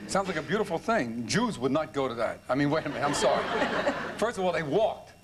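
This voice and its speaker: A man's voice: on the high side, quick pace, heavy background noise. A man from Philadelphia, a comedian guest telling rambling stories on a TV panel with stammering repeats. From Philadelphia, USA. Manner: rambling, animated, stammering repetitions. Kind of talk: comic storytelling on a panel. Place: TV studio.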